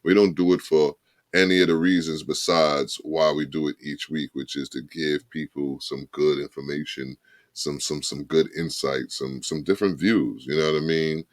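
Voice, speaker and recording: A man co-hosting a podcast, talking in a reflective, halting way with many restarts. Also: very deep voice, fairly even intonation, no echo, clean studio sound. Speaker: podcast co-host. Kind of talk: casual podcast chat.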